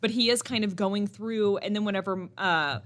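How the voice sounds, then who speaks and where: A young woman co-hosting a podcast, telling stories in casual chat with lively animation and frequent laughter. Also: medium pitch. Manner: animated storyteller, quick to laugh. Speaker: podcast co-host.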